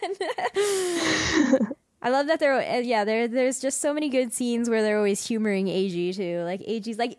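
A woman co-hosting a casual discussion, laughing often and acting out characters' lines with animated voices. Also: fairly high pitch, normal speed, no room sound, clean studio sound. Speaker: podcast co-host.

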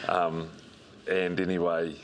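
A middle-aged New man with a remarkably low voice tells stories in a relaxed, rambling way, stopping for ums and restarts. A faint hiss sits under his voice. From New Zealand. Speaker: strength and conditioning coach, guest. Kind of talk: interview storytelling.

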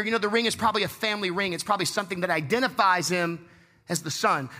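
Male pastor, high bright voice, passionate sermon delivery. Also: fast. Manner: passionate preaching, acting out the story's voices.

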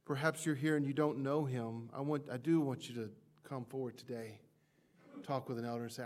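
A middle-aged male pastor giving a sermon, moving from soft, hushed passages to loud, impassioned climaxes. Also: medium pitch, fairly even intonation, a little fast.

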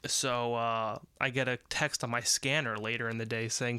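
A man's voice: mid-range voice, level tone, moderate pace, pushed and bright, clean tone, no echo. A young American man hosting a podcast, telling a rambling, profane story about his job while sick. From United States. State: sick with covid. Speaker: podcast host. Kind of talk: casual storytelling monologue.

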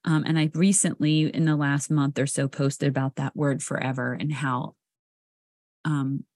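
A woman's voice: low voice, little pitch movement, moderate pace, a little mellow, no room sound. A woman co-hosting a podcast about recovery, talking candidly in casual chat, swearing freely and laughing often. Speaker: podcast co-host.

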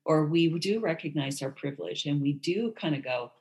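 A woman's voice: sits low, normal speed, few pauses. Candid woman co-hosting a casual talk. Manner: candid, animated storytelling with lively quoted voices. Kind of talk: casual chat.

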